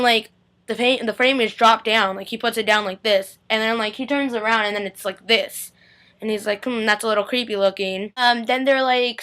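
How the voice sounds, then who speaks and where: A woman's voice: mid-range voice, pushed and bright. A young woman recapping a TV episode from home, chatting in a gushing way full of filler words. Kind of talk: casual chat.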